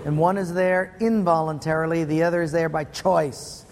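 A man's voice: on the high side, fairly even intonation, normal speed, darkish tone, big-room sound. A man preaching a sermon, telling stories in a punchy, playful way. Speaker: pastor.

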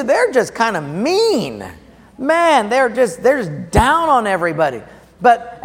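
A middle-aged man preaching a sermon, animated and conversational, acting out the voices he quotes. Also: high voice, in a large hall. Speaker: pastor.

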